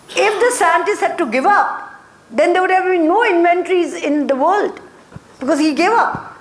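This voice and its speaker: Woman, motivation trainer, high voice, echoey classroom, short repeated phrases. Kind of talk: classroom lecture. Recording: echoey room.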